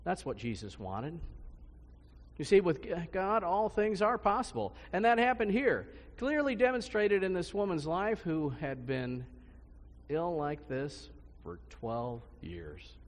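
A male pastor preaching a sermon in a conversational style, his pitch and loudness swinging widely between phrases. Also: very animated, measured pace. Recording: long hall reverb.

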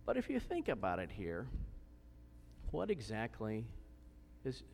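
A man's voice: lowish voice, wildly swooping pitch, a little slow, creaky, slight background noise. A man preaching a sermon, asking questions and stressing points with emphasis. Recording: long hall reverb.

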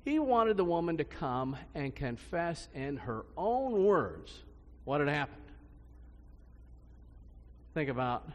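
A male pastor preaching a sermon in a conversational style, his pitch and loudness swinging widely between phrases. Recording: long hall reverb.

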